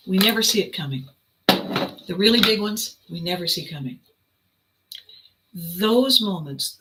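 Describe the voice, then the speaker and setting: A woman hosting a podcast, telling a story as an animated, laughing storyteller. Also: fairly low pitch, rough recording. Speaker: podcast host. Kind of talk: reflective storytelling monologue.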